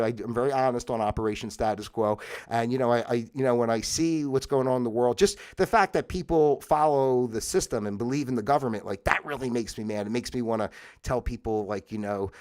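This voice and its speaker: A man hosting his own livestream, talking casually in a rambling way with many fillers and restarts, at times bursting into loud, exasperated outbursts. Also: medium pitch. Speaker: livestream host. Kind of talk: casual solo livestream monologue.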